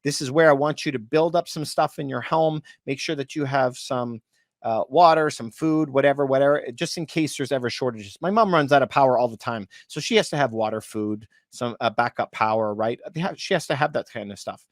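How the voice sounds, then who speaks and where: A man's voice: medium pitch, brisk, no room sound, studio quality. A man, hosting a casual commentary video for viewers and talking in an emphatic, repetitive way. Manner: emphatic and repetitive, often calls things unbelievable. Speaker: real estate video host.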